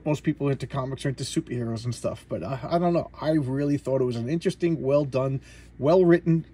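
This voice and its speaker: A man's voice: a little high, dark tone, slightly rough. Rambling man retelling a comic. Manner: rambling plot summary with many fillers and restarts. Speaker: comic book collector vlogger. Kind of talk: casual comic review vlog.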